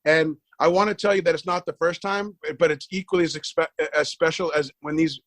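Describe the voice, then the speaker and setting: Animated man telling a story, dry sound. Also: on the high side, brisk, dry recording. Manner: animated storyteller, acts out dialogue, repeats words when excited. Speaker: podcast guest. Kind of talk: casual storytelling interview.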